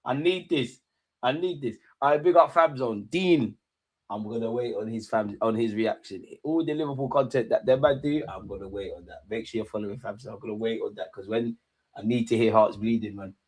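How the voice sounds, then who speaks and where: Gloating football streamer, dry sound. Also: male voice, lowish voice, fairly quick, no room sound. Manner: excitable, gloating banter with slang. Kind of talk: live football watchalong commentary.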